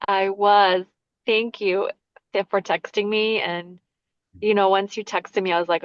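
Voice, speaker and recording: A woman's voice: mid-range voice, level tone, measured pace, dry recording, muffled recording. A woman sharing her experience in a casual group chat, earnest and hesitant with many ums. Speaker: participant.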